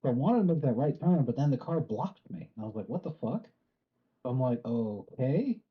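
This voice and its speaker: Man, mid-pitched, swears a lot, animated rant, slightly dull lo-fi mic. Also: fast. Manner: profane, animated storyteller. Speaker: co-player on a stream. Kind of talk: casual gaming chat.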